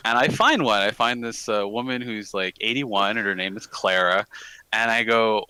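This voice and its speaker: A man's voice: lowish voice, normal speed, pushed and bright, smooth, no room sound, poor audio. A man on a stream, chatty and boastful, telling a long story in a loose, profane way.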